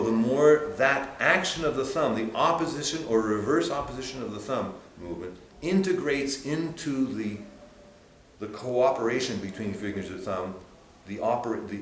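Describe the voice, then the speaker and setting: A man teaching a piano workshop, explaining hand movements while demonstrating at the piano and breaking into sudden high exclamations. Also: moderate pace, slight background noise. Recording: echoey room with loud piano. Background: piano playing.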